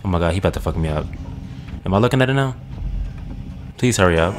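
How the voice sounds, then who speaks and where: A man's voice: deep voice, lively intonation, quick pace, pauses often. A young man doing let's play commentary, swearing a lot and talking at the screen. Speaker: gaming channel host. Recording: game music behind the voice. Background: game music.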